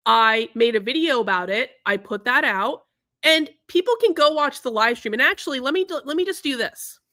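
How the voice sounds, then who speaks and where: A woman's voice: sits high, expressive, normal speed, sharp tone, no echo, studio quality. A woman hosting her own livestream, talking in a heated, profane and indignant way to her viewers. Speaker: livestream host.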